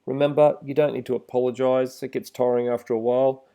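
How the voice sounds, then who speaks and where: A middle-aged man giving a relaxed, plain-spoken instructional talk to trainee driving instructors, with some fillers. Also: mid-range voice, a little fast, few pauses, clear, resonant tone. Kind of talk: instructional voice-over with slides.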